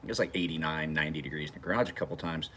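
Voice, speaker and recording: A man with a very deep, husky, slightly bright voice talks rapid-fire while hosting a knife sharpening channel from his home garage. He rambles in a live chat with his viewers, laughing as he tells profane stories.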